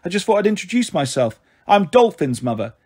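A man voicing an excitable, flamboyant young mother who calls out loudly and eagerly in an audiobook reading. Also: fairly quick, breathy edge, full character voice. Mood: cheery, pushy. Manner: shrill, eager calling out. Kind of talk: audiobook character voice.

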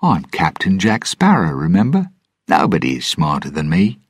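A man's voice: deep voice, wildly swooping pitch, moderate pace, breathy edge, no room sound, clean studio sound, exaggerated voice. A man voicing a cocky, carefree male pirate captain, playful and teasing, in a storybook reading.

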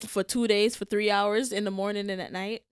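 A young woman co-hosting a casual chat, telling animated stories, laughing often and acting out quotes. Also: medium pitch, brisk, clean tone, no echo. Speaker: podcast co-host.

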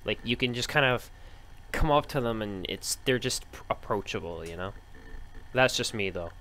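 A man's voice: on the low side, expressive, moderate pace, a little hiss or hum. A man doing let's play commentary, thinking aloud about his choices in a jokey, chatty way. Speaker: video game streamer. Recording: loud background music.

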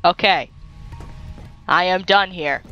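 Young woman, gaming commentary, giggly and silly, bright tone, unhurried delivery. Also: fairly low pitch, dull audio, faint music behind. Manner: giggly, silly and excitable, talks to game creatures. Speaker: gaming YouTuber. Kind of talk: playful gameplay commentary.

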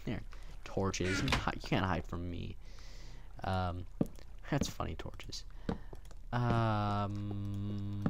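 A man's voice: on the low side, fairly bright tone, a little hiss or hum. Goofy rambling young man, voice cracking. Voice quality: voice cracks often. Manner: rambling, goofy, talks to himself and the game. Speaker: gameplay video host. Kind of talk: casual let's-play commentary.

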